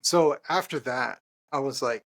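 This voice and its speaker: A man, a podcast guest and author, telling an earnest personal story in conversation, halting with restarts and fillers. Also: mid-range voice, fairly bright tone.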